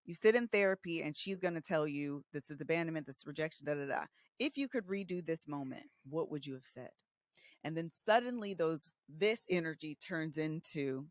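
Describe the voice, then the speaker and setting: A woman's voice: deep voice, normal speed, dry recording. Candid woman telling stories. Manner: animated, acts out quoted voices, casual slang. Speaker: podcast co-host. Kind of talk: candid conversational storytelling.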